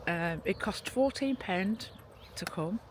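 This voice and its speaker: Outdoors at a castle, a motorhome vlogger chats casually to camera, rambling and gushing while shivering from the cold, which makes her speech a bit odd. Her mid-range voice has lively intonation and a slow pace, with a little hiss or hum in the recording.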